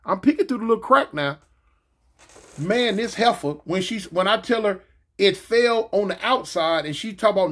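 A man casually telling a story from his past, slangy and animated, jumping in pitch and making sound effects as he goes. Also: moderate pace. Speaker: storyteller recounting his prison days.

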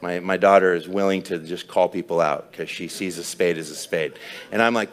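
Low-voiced man telling a sermon story. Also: steady tone, fairly quick. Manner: storytelling, humorous, self-deprecating. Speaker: pastor.

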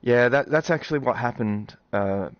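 A man hosting a gaming video, talking to his viewers in excited, animated commentary, quick to swear and exclaim. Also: medium pitch, dry recording. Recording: slightly dull recording with game music.

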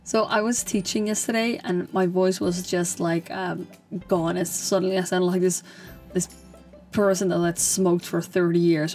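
A woman's voice: fairly low pitch, level tone, moderate pace, a little mellow, faint music behind. A young woman rambling through a casual voice-over of a game build, with lots of fillers and a slightly strained, fading voice. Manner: rambling, chatty, with many fillers and restarts. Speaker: gaming channel host.

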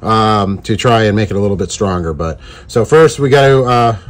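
A man's voice: lowish voice, lively intonation, fairly quick. A man hosting a casual do-it-yourself lure-making video, joking around with playful wordplay. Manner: jokey, goofy wordplay. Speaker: host making fishing lures. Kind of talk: casual DIY tutorial.

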